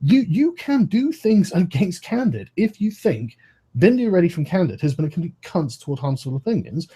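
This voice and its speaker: A man's voice: high voice, very animated, normal speed, warm tone, slightly rough. A man in his thirties, ranting heatedly in a live-stream debate over a video call, swearing often and breaking off his own sentences. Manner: swears a lot, rants, interrupts himself.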